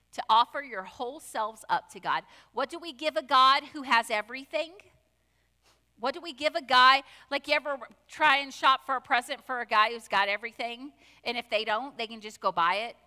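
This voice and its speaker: A woman's voice: high-pitched, normal speed, sharp tone, big-room sound. A woman pastor preaching a conversational sermon, full of asides and rhetorical questions. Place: church sanctuary.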